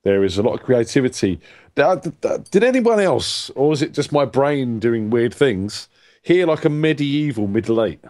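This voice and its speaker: A man giving a candid, joking music critique as a panelist, often rising in pitch as he gets animated. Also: normal speed.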